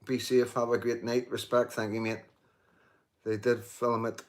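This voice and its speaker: A man's voice: mid-range voice, little pitch movement, normal speed. Emphatic middle-aged man on a live stream. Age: 50s. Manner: emphatic, repeats himself, many restarts and "you know"; swears and jokes with commenters. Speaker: livestream host reading viewer comments. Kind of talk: casual live-stream chat.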